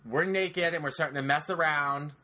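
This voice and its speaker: On a casual podcast, a man tells a personal story directly to his listeners, animated and profane. His voice is a little high and his speed normal.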